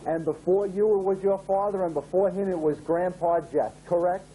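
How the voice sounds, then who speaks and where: A man voicing a loud, brash male wrestling-magazine ranter with a New York accent, hammering away with accusations. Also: sits high, steady tone, normal speed, husky, low-quality recording. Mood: accusing. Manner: ranting, confrontational.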